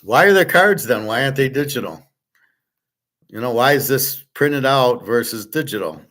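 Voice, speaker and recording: A man teaching a relaxed online class, blunt and profane, rambling with restarts and answering viewers' chat. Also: medium pitch, normal speed, slight background noise. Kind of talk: casual livestream lecture.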